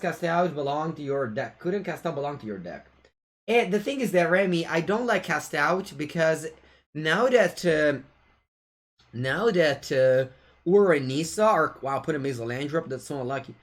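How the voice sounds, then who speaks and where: A man with an Italian accent commentating his own card game live, playful and chatting with viewers as he taunts his opponent. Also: fairly high pitch. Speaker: streamer and card game player. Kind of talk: live-streamed gameplay commentary.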